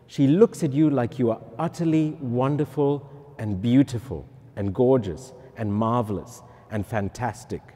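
A middle-aged man, a priest, giving a personal testimony in lively storytelling style with self-mocking humorous asides. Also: mid-range voice, a little slow. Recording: echoey hall.

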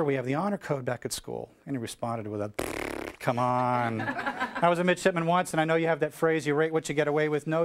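A middle-aged man from the United States tells a story from a stage before a live audience. His voice sits a little high for a man, and he throws himself into each quoted line, at times shouting at full volume. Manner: animated storyteller acting out dialogue, shouting cheers. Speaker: keynote speaker. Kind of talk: storytelling keynote speech.

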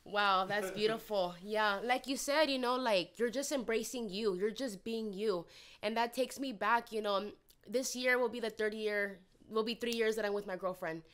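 A woman's voice: medium pitch, moderate pace. A woman in her thirties co-hosting a podcast, telling a personal story candidly and acting out the dialogue she quotes. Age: 30s. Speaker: podcast co-host.

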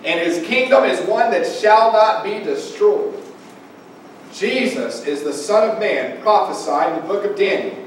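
A high-voiced male pastor preaches in a church sanctuary, pressing his point with questions to his listeners. His voice booms back from a very echoey hall, picked up from some distance by a room mic, with faint noise underneath. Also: animated, unhurried. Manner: preaching with rising emphasis and direct questions to listeners. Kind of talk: sermon.

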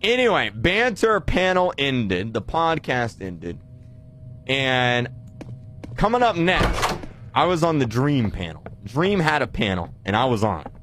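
A man streamer recapping an event in a rambling, excitable way, with bursts of shouting. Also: mid-range voice, unhurried, a little hiss or hum.

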